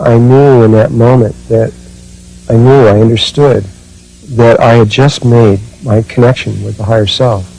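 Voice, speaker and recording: A man giving a spiritual talk and recalling his own experiences, speaking slowly and haltingly with many fillers and restarts. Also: mid-range voice, warm tone, low-quality recording. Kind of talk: spiritual talk, personal recollection.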